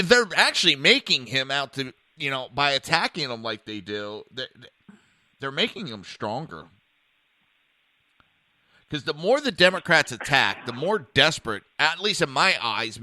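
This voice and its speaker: Bright-voiced chatty man. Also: medium pitch, no room sound. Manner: chatty, agreeable, brings up news items. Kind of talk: casual political talk.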